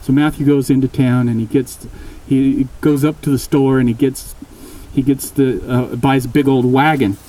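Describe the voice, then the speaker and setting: A man casually telling a spooky story aloud, relaxed and rambling, often correcting himself. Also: mid-range voice, moderate pace, hardly any pauses, distant mic, low-quality recording.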